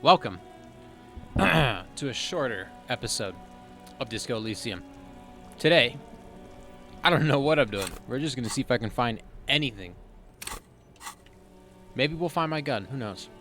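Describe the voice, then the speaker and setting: A man's voice: medium pitch, expressive, normal speed, pauses often, a bit bright, soft background music. A man hosting a let's play, joking sardonically and reading his character's lines aloud. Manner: sardonic, joking, swears casually. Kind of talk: game commentary and reading dialogue aloud.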